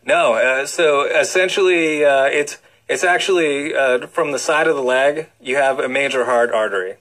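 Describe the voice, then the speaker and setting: A man explains things with eager energy as a radio guest. His speech is loose and full of filler words. The pitch sits in an ordinary middle range for a man. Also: moderate pace, a bit bright, low-quality recording. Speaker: cardiologist guest. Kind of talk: radio interview.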